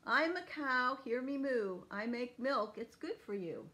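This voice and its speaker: A woman voicing a gentle, friendly cow from a storybook, in simple rhymes. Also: fairly high pitch, expressive, a little slow. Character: gentle milk-giving cow.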